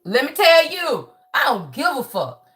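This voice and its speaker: A woman's voice: high voice, huge pitch swings, a little slow, a bit bright. A woman giving a live tarot reading, talking bluntly and profanely, preaching, and filling in with "y'all" and "right?". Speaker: tarot reader. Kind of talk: live spiritual reading, casual chat.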